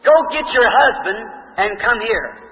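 Preacher doing a measured, authoritative Jesus, still high-pitched, with a tinny, echoey sound. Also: male voice, lively intonation. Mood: solemn. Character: Jesus, calm grown man speaking with authority.

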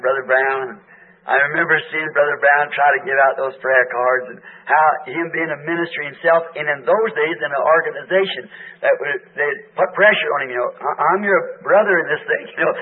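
Hoarse older man, folksy pulpit preacher, slightly high voice, thin lo-fi church tape. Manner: homespun, chatty, asks the crowd questions. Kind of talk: informal sermon to a congregation. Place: church meeting hall. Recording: tinny lo-fi tape of a church service.

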